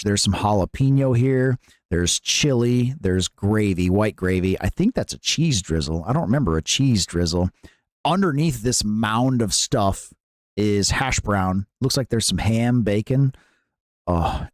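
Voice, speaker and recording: A man's voice: on the low side, dry recording, studio quality. A man hosting a live stream, chatting casually with viewers in a playful, jokey way and often laughing.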